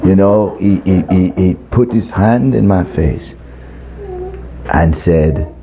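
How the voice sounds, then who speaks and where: Speaking slowly in a deep voice, a man shares his testimony in a sermon to his congregation, laughing frequently. Crowd noise comes through in a muffled recording with faint ambience.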